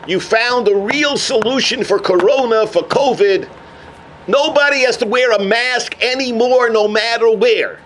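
Animated high-voiced rabbi telling a story. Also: male voice, unhurried, a little hiss or hum. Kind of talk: sermon on the weekly portion.

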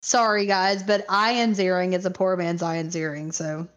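A woman co-hosting a podcast in casual chat, excitable and quick to rant and laugh. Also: on the low side. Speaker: podcast co-host. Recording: muffled lo-fi recording.

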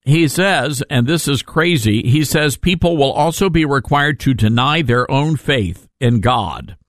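A man hosting a talk radio show, giving casual opinion commentary in an animated, sarcastic way with rambling asides. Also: mid-range voice, measured pace, dry recording, clean studio sound.

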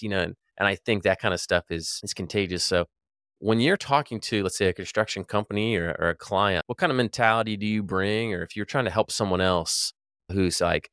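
A man's voice: deep voice, brisk, fairly bright tone, no echo, clean studio sound. A man hosting a podcast interview, talking loosely and casually with lots of fillers. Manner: loose and chatty, many fillers like "like" and "you know". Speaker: podcast host.

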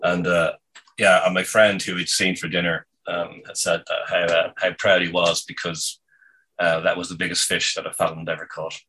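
A deep-voiced man tells a long personal story at an unhurried, rambling pace. His voice is low and a little husky, and he keeps stopping to hunt for the next word. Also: little pitch movement, sharp tone, poor audio. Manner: meandering, halting, many fillers. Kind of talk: casual anecdote.

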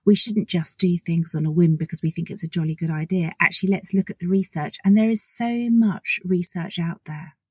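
A woman's voice: fairly low pitch, fairly quick, few pauses, husky, no echo. A woman in her forties hosting a solo podcast introduction, chatty and enthusiastic, acting out little conversations. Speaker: podcast host.

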